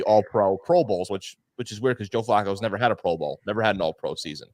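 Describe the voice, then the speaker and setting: A man as a guest superfan on a casual podcast, talking in animated, excitable bursts with lots of repeats. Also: fairly low pitch, a little fast, no echo.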